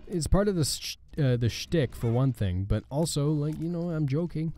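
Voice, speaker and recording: A man hosting a gaming channel rambles casually over gameplay, tossing out halting, sarcastic asides. His voice is medium-pitched and mellow.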